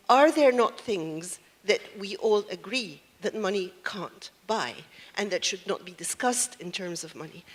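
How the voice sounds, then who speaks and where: A woman speaking as a panelist in a panel discussion, thinking aloud and posing questions. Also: mid-range voice. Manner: reflective, poses questions.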